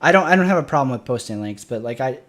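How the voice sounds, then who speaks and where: A man's voice: medium pitch, lively intonation, racing. Profane, heated male streamer. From Michigan. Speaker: military veteran. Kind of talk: casual chat.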